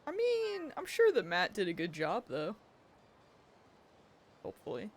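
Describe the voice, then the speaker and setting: A woman's voice: mid-range voice, wildly swooping pitch, a little slow. A woman streamer chatting casually while playing a game and telling stories with frequent giggles. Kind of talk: casual live-stream gameplay chat.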